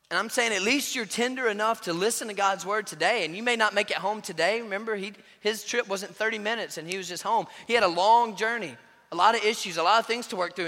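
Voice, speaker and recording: A man in his thirties preaching a sermon as pastor, telling a story with lively voiced quotes. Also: high-pitched. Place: church sanctuary. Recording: long church reverb.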